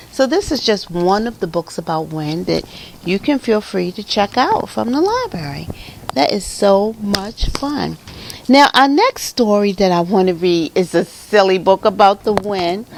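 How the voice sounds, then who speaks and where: A woman librarian leads a children's storytime, reading picture books aloud with lively, animated delivery. Her voice swoops widely, moves slowly and carries a slight gravelly fry. Faint room ambience sits behind her. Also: medium pitch, a little hiss or hum. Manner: animated, gasps and laughs, animal sounds.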